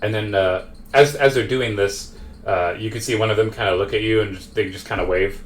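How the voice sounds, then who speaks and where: A man's voice: on the low side, fairly even intonation, fairly quick, a little hiss or hum. A man running a tabletop game as game master, narrating in a rambling way with many fillers.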